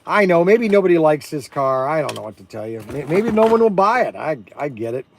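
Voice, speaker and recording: Energetic man, high-pitched voice, rambling livestream host, lots of ums and restarts. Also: a little fast, creaky, a little hiss or hum. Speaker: host and shop owner. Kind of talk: casual livestream product talk.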